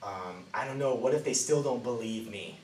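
Dude doing unsure moses, stammery, low voice, roomy echo. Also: male voice, normal speed, a little mellow, lightly acted. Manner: hesitant, stumbling. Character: doubting, hesitant grown man Moses. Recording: roomy, distant mic, faint ambient noise.

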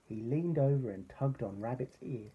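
A father reading a bedtime story aloud to his son, gentle and expressive. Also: mid-range voice, moderate pace, husky, narrow, tinny audio.

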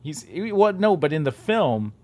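A man's voice: a little high, sing-song, normal speed, dark tone. Chatty man hosting a live stream. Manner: chatty, self-interrupting, repeats words. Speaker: game studio head hosting a stream. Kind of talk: casual live-stream chat.

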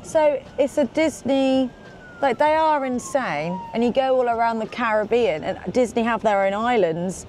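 An excitable, chatty woman vlogging from a moving car, swearing casually as she talks. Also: a little high, unhurried. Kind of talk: casual road-trip chat. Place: in a car on the road. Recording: road noise behind. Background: car and road noise.

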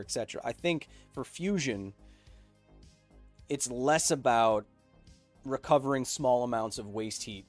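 A man in his thirties with a mid-range voice hosts a live stream. He reads chat questions aloud and explains science energetically.

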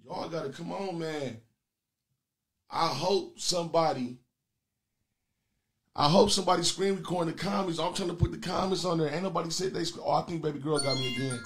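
A man hosting a comedy call-in show with loud, crude, taunting banter aimed at his callers. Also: a little high, fairly quick, pauses often.

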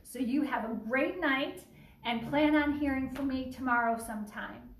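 A woman who teaches young children, reading a picture book aloud with lively asides, then speaking to families. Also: sits high, moderate pace, recorded from a distance, slight background noise. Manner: warm, animated storytelling with asides. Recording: echoey room, voice away from the mic.

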